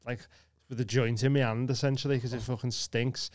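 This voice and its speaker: A man chatting on a podcast in the studio. His voice is smooth and resonant, and it sounds close and dry with no room around it. He swears casually and slips into little acted-out quotes as he tells stories. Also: medium pitch, little pitch movement, fairly quick, dry recording. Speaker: podcast co-host. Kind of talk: casual chat. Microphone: studio mic.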